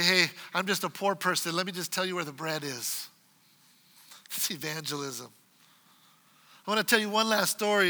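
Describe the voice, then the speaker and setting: A man preaching a sermon and telling a story, acting out the dialogue and swinging from loud exclamations to quiet asides. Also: high voice. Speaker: pastor.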